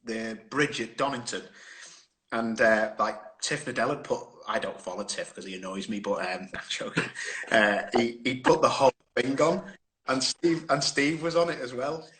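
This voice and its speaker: A man's voice: medium pitch, steady tone, moderate pace, fairly bright tone. A man chatting as a guest on a live phone stream, rambling through anecdotes and laughing often. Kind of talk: casual chat on a live stream. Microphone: phone on a video stream.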